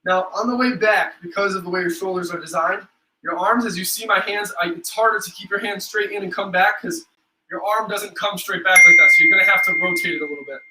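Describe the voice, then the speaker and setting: A man's voice: high voice, brisk, reverberant, far from the mic, very noisy. A young man leading a live-streamed home workout as a fitness instructor, counting reps aloud and joking between sets.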